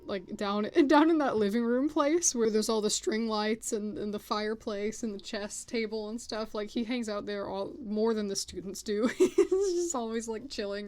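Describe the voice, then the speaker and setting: A woman's voice: mid-range voice, a little mellow. A woman gives a loose, chatty walkthrough of her characters, with a mid-range voice. She rambles and circles back, filling the gaps with casual filler. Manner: chatty, lots of filler "like"s and laughs. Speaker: content creator.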